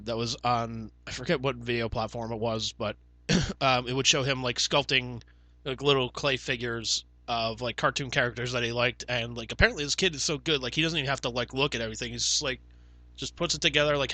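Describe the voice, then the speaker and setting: A man's voice: medium pitch, fairly even intonation, a little fast, pushed and bright, dry recording. A young man co-hosting a podcast, telling stories in casual chat with lots of swearing and fillers. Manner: swears freely, chatty storytelling with fillers. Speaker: podcast co-host.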